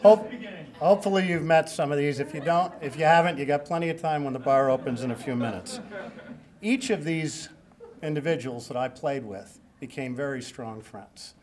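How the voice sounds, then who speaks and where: A man's voice: fairly high pitch, normal speed, a little mellow. A man in his sixties giving a hall of fame acceptance speech at a banquet, joking, self-deprecating and rambling.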